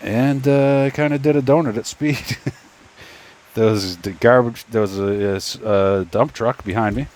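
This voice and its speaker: A man with a mid-range, darkish voice at normal speed, a 3D printing YouTuber, tells a story casually while tinkering with a 3D printer. He rambles in a stop-start way, talking to himself as he works, recorded on a phone.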